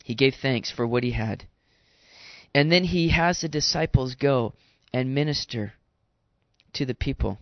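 Speaking earnestly and exhorting his listeners directly, a male pastor preaches a sermon. His voice is medium-pitched and a little slow, captured in a dull, dry recording.

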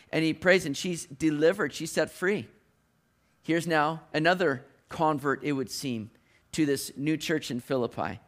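A man's voice: a little high, a bit bright. A man preaching a sermon in a casual, conversational way, often restarting his phrases and dropping in modern slang.

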